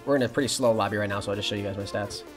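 A man's voice: fairly low pitch, very fast, over music. A young man in college streaming a shooter game, chatting casually and answering his viewers' messages. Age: young adult. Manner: relaxed, chatty, reads and answers chat. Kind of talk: casual live-stream chat while playing.

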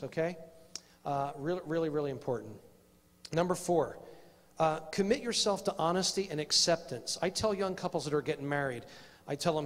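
Middle-aged male preacher in an echoing hall. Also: fairly high pitch. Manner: chatty and self-deprecating, tells personal stories and quizzes the audience. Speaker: preacher leading a conference workshop. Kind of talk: conference workshop talk to men. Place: church hall. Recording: reverberant church hall.

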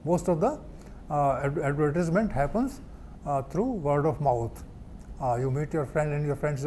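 A man giving a literature lecture, explaining slowly with many fillers and restarts. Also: a little high, big pitch swings, warm tone, a little hiss or hum. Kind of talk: academic lecture.

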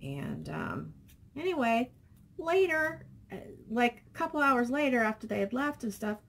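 A woman's voice: on the high side, sing-song, measured pace, gravelly, a little hiss or hum. A middle-aged woman vlogging casually, rambling and reading viewer comments aloud. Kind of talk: casual chat.

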